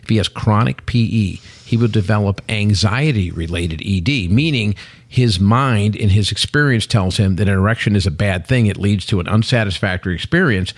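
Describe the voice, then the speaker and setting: A man in his sixties, a podcast guest, telling stories in a lively casual chat and acting out the dialogue. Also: on the low side, brisk, no echo. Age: 60s. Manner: animated storyteller who acts out quoted dialogue. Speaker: podcast guest, company head.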